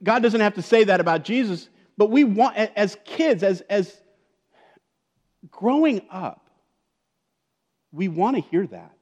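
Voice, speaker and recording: A man's voice: high-pitched, expressive, unhurried, long pauses, a little mellow. A man preaching a conversational sermon as a pastor, with joking asides and frequent check-ins like "okay?" and "right?". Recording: long reverb of a large hall.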